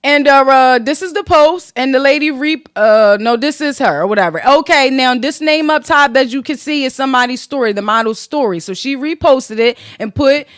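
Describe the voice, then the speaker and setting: Sassy high-voiced woman podcast host. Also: normal speed, hardly any pauses, no echo, studio quality. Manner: sassy, profane, animated gossip. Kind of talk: casual commentary podcast.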